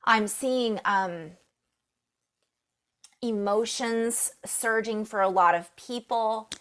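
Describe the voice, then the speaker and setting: A middle-aged woman giving a spiritual reading, telling a story in a soft, emotional, meandering way. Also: a little high, slow pace, smooth. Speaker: spiritual reader.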